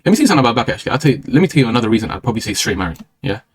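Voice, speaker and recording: A man's voice: mid-range voice, very animated, rapid-fire, slight background noise. A young British man with a British accent chatting casually on a live stream, slangy, rambling and opinionated.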